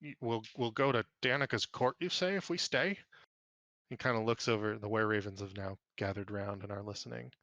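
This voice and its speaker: A man narrating as game master, voicing the characters in quick quoted lines. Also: fairly low pitch, bright, forceful tone, dry recording, lo-fi sound.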